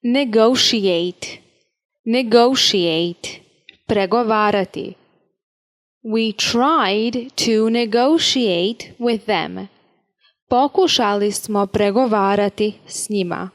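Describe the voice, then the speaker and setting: A woman teacher reading a vocabulary drill, saying each word and example sentence slowly and deliberately, with careful enunciation. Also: medium pitch. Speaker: language teacher.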